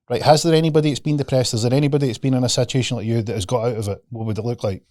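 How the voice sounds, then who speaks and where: A man's voice: medium pitch, fairly even intonation, rapid-fire, hardly any pauses, mellow, dry recording. A man, a podcast guest and mindset coach, talking casually and animatedly, swearing freely and acting out the voices of the people he quotes.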